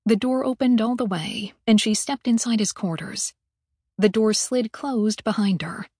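A woman reading an audiobook aloud in an even, measured storytelling manner. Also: fairly high pitch, husky, no echo, studio quality. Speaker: audiobook narrator. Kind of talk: scripted audiobook narration.

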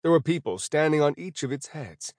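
A man's voice: fairly high pitch, expressive, brisk, darkish tone, no room sound. Male audiobook narrator, dry close sound. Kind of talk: first-person fantasy audiobook narration.

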